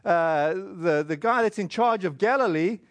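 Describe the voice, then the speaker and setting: A man, giving a casual, conversational sermon that retells a scripture story, with fillers and quick acted asides. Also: high-pitched, no echo. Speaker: preacher.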